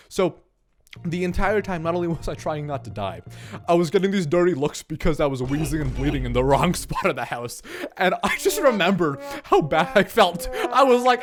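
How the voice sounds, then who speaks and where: A young man telling a comic story from his childhood, animated and sweary, with lots of exaggeration. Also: mid-range voice, moderate pace, soft background music.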